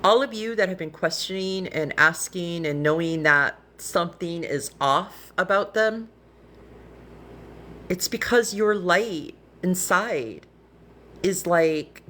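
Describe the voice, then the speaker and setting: A woman's voice: on the low side, lively intonation, slow, a bit bright, a little hiss or hum. A woman speaking earnestly and emotionally on a live stream from her phone, rambling with restarts and close to tears. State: tearful, emotional. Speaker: livestreamer.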